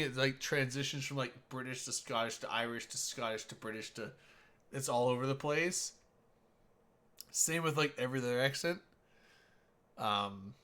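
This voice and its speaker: A man's voice: medium pitch, a bit bright. A man chatting casually as a podcast co-host, rambling and laughing at himself. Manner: rambling, laughs easily, self-deprecating. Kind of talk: casual chat.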